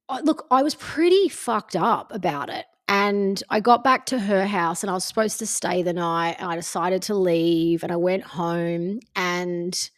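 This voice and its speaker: A woman, hosting a podcast and candidly telling a personal story in casual chat, swearing freely. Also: fairly low pitch. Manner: candid and sweary, acts out friends' lines. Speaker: podcast host.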